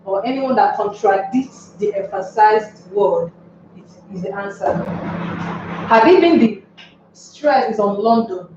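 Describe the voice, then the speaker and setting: A woman's voice: medium pitch, animated, takes it slowly, noisy background. A woman teaching an English lesson, posing rhetorical questions to her class and then answering them herself. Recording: echoey room, distant mic, dull sound.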